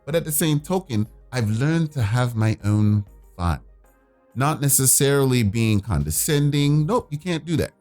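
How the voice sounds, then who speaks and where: A man's voice: medium pitch, normal speed, faint music behind. A man hosting a casual chat, telling stories about his phone customer service job and slipping into mock voices. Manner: animated storyteller, slips into mock voices of callers. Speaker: podcast host.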